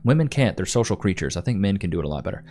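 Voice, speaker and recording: Racing along in a low, mellow voice with big swings in pitch, a man in his thirties runs a livestream. He answers comments in relaxed, slangy chat and keeps addressing viewers as bro and dude.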